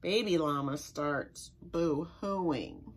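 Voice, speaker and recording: A woman, a children's librarian, reads a picture book aloud to young children in an expressive, sing-song way and stops now and then to explain words. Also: low voice, slight background noise. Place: library story time recorded for online viewing.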